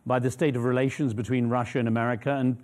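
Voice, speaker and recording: A man's voice: mid-range voice, flat delivery, fast, a little mellow. A man interviewing a guest for a news channel, asking long, probing questions. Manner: probing, rambling questions with fillers.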